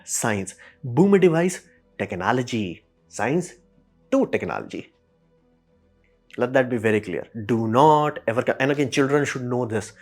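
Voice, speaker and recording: A man hosting a casual monologue, animated and slangy, often acting out quoted voices. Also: medium pitch. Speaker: show host.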